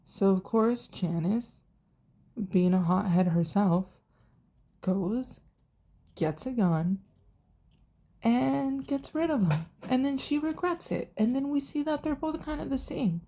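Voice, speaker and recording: A young woman chats through her thoughts on a TV show, swearing freely and slipping into the characters' lines as she retells scenes. She talks slowly, and her voice has a dark, mellow tone. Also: a little high. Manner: chatty, profane, animated retelling with quoted voices. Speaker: TV reviewer. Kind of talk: casual vlog recap.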